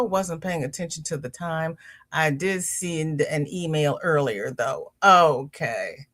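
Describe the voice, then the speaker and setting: Slow-talking woman hosting a crochet livestream. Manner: greets viewers warmly by name, reads chat aloud; leisurely, chatty, with pitch jumps on greetings. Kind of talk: casual livestream chat reading comments.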